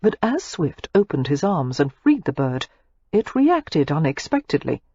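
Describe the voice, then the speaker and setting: A woman narrating a romance audiobook in an expressive, measured storytelling manner. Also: sits low, breathy edge, dry recording, dull audio.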